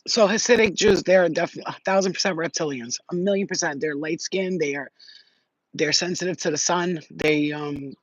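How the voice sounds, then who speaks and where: A woman hosting a casual spiritual livestream, talking in an animated, slangy way, swearing and laughing often. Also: sits low, brisk, no room sound, poor audio. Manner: animated, slangy, swears, laughs often, many "you know what I'm saying". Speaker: spiritual channel host.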